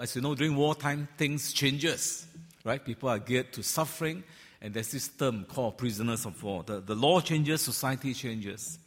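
A man preaching a sermon to a large congregation, talking in a loose, conversational way with frequent fillers and gentle teasing. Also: medium pitch, slightly rough. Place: large church hall. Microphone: handheld or stand microphone. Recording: long hall reverb.

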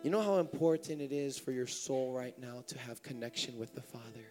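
A man's voice: mid-range voice, fairly quick, a little mellow, soft background music. A young man preaching a sermon at a church service, with impassioned, rising emotional appeals.

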